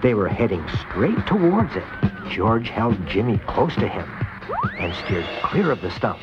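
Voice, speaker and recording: A man narrating a children's storybook cartoon with an expressive reading, on a dull lo-fi VHS tape. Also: fairly low pitch, a little slow, over music.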